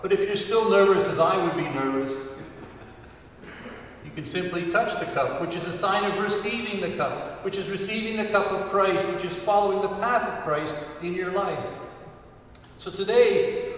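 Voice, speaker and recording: A man preaching a sermon as a priest to his congregation, earnest and unhurried, with emphatic rises on key words. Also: sits high, fairly bright tone, slight background noise. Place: church sanctuary. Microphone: distant room mic. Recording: far-off voice in echoey church hall.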